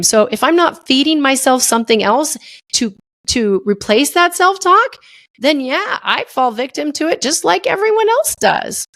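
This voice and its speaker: A middle-aged woman hosting a casual solo podcast, animated and playful, acting out little voices as she talks. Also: high-pitched, unhurried, no echo, studio quality. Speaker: podcast host.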